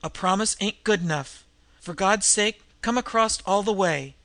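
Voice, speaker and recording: A man voices a sick, desperate woman who is a criminal in disguise, speaking hoarsely and with effort in slangy underworld talk. The voice is high-pitched, pushed up, and sharp in tone, at normal speed with no room sound.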